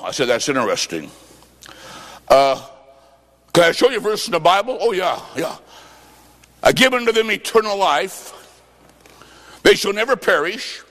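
A man preaching a sermon, telling stories and acting out both sides of a conversation, jokey and emphatic, swinging between loud and soft. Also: sits high, long reverb tail.

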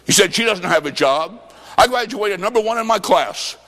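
A man preaching a revival sermon with folksy stories, impassioned and shouting at the peaks. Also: high-pitched, lively intonation, moderate pace. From Illinois. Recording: echoey hall with long reverb.

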